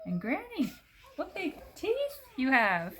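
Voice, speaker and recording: A woman's voice: sits high, huge pitch swings, slow pace, fairly bright tone, slight background noise, pitched above the performer's own voice, exaggerated voice. Woman doing a prim little girl. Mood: prim sweet. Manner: wide-eyed, prim. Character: sweet polite little girl.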